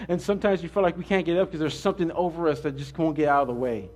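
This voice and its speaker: A man preaching a sermon in a conversational way, mixing scripture with an animated personal story. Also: fairly high pitch, very fast. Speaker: pastor.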